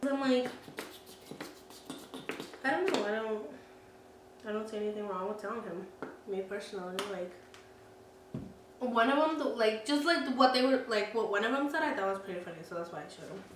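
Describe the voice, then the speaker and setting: A woman's voice: on the high side, animated, moderate pace, pauses often, far from the mic, a little hiss or hum. A young woman vlogger telling a story in a candid, chatty way, laughing often and swearing freely. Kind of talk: casual storytime vlog. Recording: echoey room, away from the mic.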